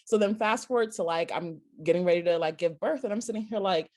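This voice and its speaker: A woman co-hosting a casual panel chat, telling a lively story, acting out quotes and laughing often between lines. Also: lowish voice, fast. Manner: lively storyteller who acts out quotes, heavy "like"; laughs often while talking. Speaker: podcast co-host.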